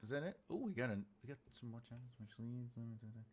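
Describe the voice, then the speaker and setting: A man's voice: mid-range voice, lively intonation, quick pace. A man livestreaming his book outlining, muttering notes to himself and joking with viewers in casual chat. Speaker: author livestreaming his writing process.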